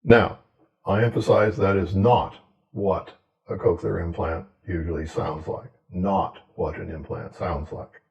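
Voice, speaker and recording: A man who researches hearing, giving a measured, explanatory scripted lecture. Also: sits low, fairly even intonation, vocal fry, darkish tone, breathy edge, muffled recording, soft background music.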